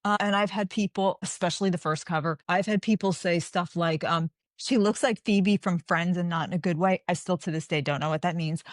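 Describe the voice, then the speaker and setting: Lively lower-voiced woman telling stories. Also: a little fast, hardly any pauses, no room sound, clean studio sound. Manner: animated storyteller, acts out quoted dialogue. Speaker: guest author. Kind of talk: casual interview chat.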